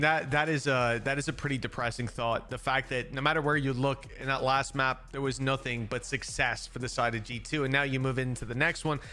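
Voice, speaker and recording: A man hosting an esports broadcast desk, leading segments smoothly and handing over to the casters. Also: medium pitch, bright, forceful tone. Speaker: studio host.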